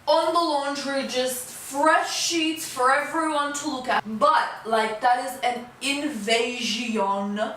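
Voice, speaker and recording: Young woman vlogger, high and animated, storytime rant, echoey room, mic a bit far off. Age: 20s. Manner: animated, fast-talking, swings from low mutters to high outbursts. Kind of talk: storytime vlog, casual chat.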